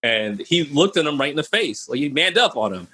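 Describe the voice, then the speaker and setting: A man's voice: a little high, fairly quick, breathy edge. A young man from Minnesota telling stories on a video call, laughing and acting out the voices of the people in them. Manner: animated, laughing, acts out voices in his stories. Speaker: podcast guest. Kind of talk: casual storytelling on a video call.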